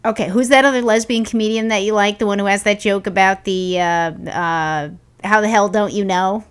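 A woman's voice: medium pitch, fairly even intonation, moderate pace, clean tone. A woman co-hosting a casual podcast who banters in a teasing, sarcastic way. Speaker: podcast co-host.

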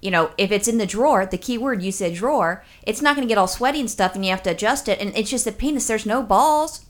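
A woman's voice: medium pitch, expressive, fast. A woman co-hosting a podcast, talking in a blunt, profane and joking way. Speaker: podcast co-host. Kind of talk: casual comedic chat.

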